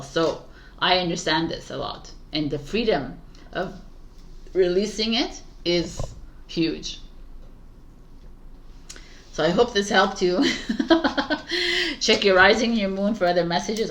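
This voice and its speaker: A woman's voice: on the low side, gravelly, a little hiss or hum. A woman reading tarot cards for viewers in a loose, rambling way, often breaking into laughter as she talks about letting go and self-love. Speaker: tarot reader. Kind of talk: casual tarot reading monologue.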